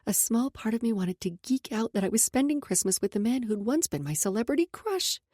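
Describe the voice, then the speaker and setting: Woman, romance audiobook narrator, breathy, animated delivery, intimate whispers, dry close sound. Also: a little high, a little fast, no echo.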